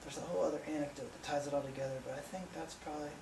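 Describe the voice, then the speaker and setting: A sleep-deprived man telling a rambling stand-up story in a deadpan way, recorded live in a small venue from a distance. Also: on the high side, racing, creaky, a crowd in the background. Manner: rambling, deadpan, breaks into laughter. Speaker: stand-up comedian. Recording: echoey room from far off.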